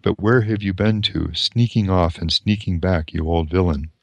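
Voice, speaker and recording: A man voicing a loyal, gruff young male servant who speaks roughly and bluntly, read aloud from a novel. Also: low voice, moderate pace, darkish tone, no room sound. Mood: suspicious.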